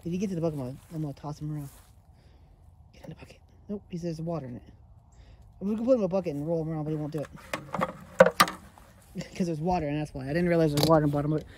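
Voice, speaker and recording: A woman vlogging casually at home, rambling excitedly and chatting to her pets. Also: low-pitched, very fast, pauses often, noisy background. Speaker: daily vlogger. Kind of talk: casual rambling vlog chat. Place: at home, yard and indoors.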